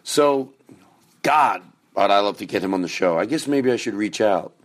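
A man hosting a podcast, rambling casually through plans and announcements, now and then erupting into loud profane rants. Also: lowish voice, lively intonation, normal speed. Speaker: podcast host.

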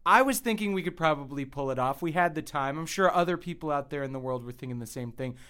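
A man's voice: fairly high pitch, animated, bright, forceful tone, smooth. A man co-hosting a casual sports podcast, joking in a wry tone and drawing out his words at times. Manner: wry, joking banter with drawn-out pauses. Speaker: co-host, Kansas City Chiefs fan.

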